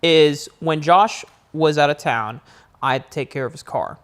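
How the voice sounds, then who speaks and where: A young man with a fairly high voice tells a story on a casual podcast. He talks loosely and jumps even higher and louder when he replays his own panic. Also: normal speed, clear, resonant tone. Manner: animated storyteller, rises high acting out panic. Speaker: podcast co-host.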